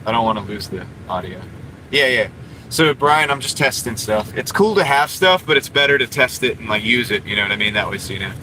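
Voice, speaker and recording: A man's voice: medium pitch, expressive, a little fast, bright, forceful tone, a little hiss or hum, low-quality recording. A man livestreaming from inside a parked car, chatting casually with his viewers and rambling with lots of fillers. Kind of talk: casual live stream chat reading comments.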